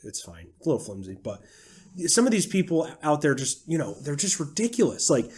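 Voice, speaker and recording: A man's voice: a little high, big pitch swings, fairly quick, darkish tone, husky. A young man co-hosting a casual podcast, ranting sarcastically and swearing freely. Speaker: podcast co-host. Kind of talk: casual chat.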